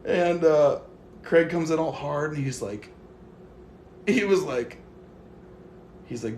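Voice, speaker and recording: A man's voice: a little high, measured pace, pauses often, reverberant, a little hiss or hum. Man chatting animatedly on a livestream. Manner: animated storytelling, swearing, quoting himself. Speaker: livestream host. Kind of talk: casual livestream chat.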